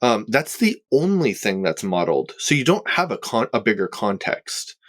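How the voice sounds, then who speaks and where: A man who is a therapist, talking on a podcast in a halting way with many fillers and restarts. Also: fairly low pitch, very animated, no room sound. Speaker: therapist co-host. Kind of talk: conversational podcast talk.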